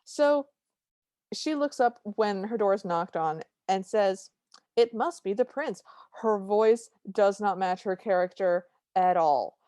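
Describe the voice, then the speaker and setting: A woman hosting a podcast, chatting in an animated way and often correcting herself mid-sentence. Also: mid-range voice, slow, clear, resonant tone, no room sound, clean studio sound. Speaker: podcast host. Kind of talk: casual podcast chat.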